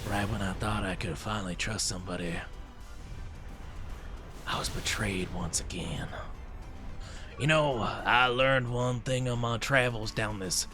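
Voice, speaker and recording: A grim, distrustful cowboy gunslinger, put on by a man for a game stream, talking low and slow in a brooding, half-muttered drawl. Faint background music plays behind him. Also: close to an everyday voice.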